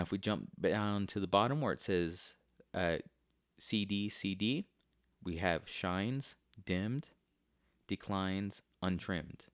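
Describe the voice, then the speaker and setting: A male teacher giving a recorded lecture, explaining step by step and often pausing with fillers. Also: deep voice, no echo, clean studio sound.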